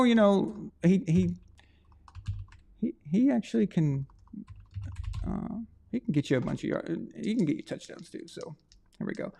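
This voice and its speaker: A man's voice: on the high side, gravelly. A man hosting a live stream, chatting casually and rambling to his viewers while he runs a prize draw.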